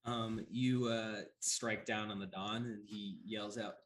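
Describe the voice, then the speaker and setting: Measured man running a tabletop game. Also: lowish voice, steady tone, fairly bright tone. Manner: measured, unhurried with frequent pauses. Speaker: game master.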